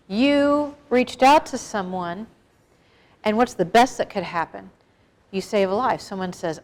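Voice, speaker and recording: A woman's voice: fairly high pitch, expressive, normal speed. A middle-aged woman giving an informal, frank talk to a live group on suicide prevention, often asking the audience questions. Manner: conversational, asks the audience questions; frank, plain-spoken. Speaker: guest speaker on suicide prevention.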